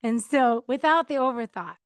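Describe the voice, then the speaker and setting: In a casual advice monologue, a podcast host talks about choosing peace, chatting, acting out quoted replies and laughing often. Her voice is fairly high and expressive at a moderate pace, recorded on a mic on a counter with studio quality and no room sound.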